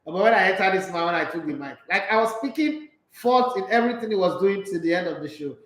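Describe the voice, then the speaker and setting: A playful Nigerian man hosts a sports talk stream, bouncing between English and Pidgin as he reads out viewer messages. His voice sits high for a man. The sound carries a noticeable room echo. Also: fast talker. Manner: playful, animated, slipping into Pidgin. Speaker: sports talk show host. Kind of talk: casual live-stream chat reading viewer comments.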